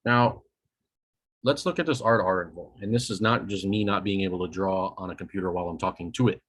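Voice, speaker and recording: A man's voice: sits low, quick pace, fairly bright tone, husky. A man teaching a recorded lecture over a shared screen, casual and self-correcting, often checking in with "okay?" and dropping dry jokes. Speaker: EMS instructor.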